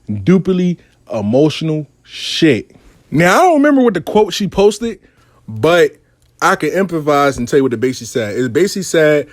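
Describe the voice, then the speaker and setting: A man telling a comic personal story in a blunt, profane, animated way. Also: on the high side, dry recording.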